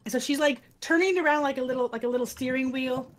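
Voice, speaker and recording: A woman hosting a game stream, telling a story in a casual, animated way and acting out other people's voices. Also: high voice, fast talker, slight background noise. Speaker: host.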